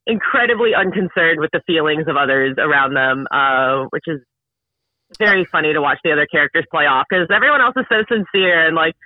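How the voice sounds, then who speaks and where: A man co-hosting a casual podcast chat about a film, rambling and animated with lots of fillers. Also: a little high, fairly quick, dry recording. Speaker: podcast co-host. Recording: dull lo-fi, dry sound.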